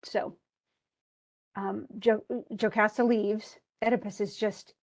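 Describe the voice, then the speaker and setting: Woman, literature instructor, casual chatty classroom lecture, mid-pitched, mixes slang with recited verse. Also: flat delivery, takes it slowly, gravelly, darkish tone, no echo. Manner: chatty plot retelling with frequent "he goes" asides; switches between modern slang and quoted archaic verse.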